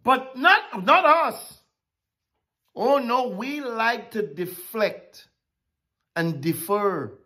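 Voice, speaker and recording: A woman preaching a sermon, emphatic and drawn-out with dramatic pauses. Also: on the high side, expressive, pushed and bright.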